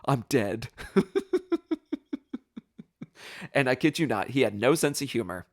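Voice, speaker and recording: A man hosting a podcast, telling a personal story in an animated, self-deprecating way, with plenty of ums and restarts. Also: medium pitch, fast, no room sound, clean studio sound. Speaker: podcast host.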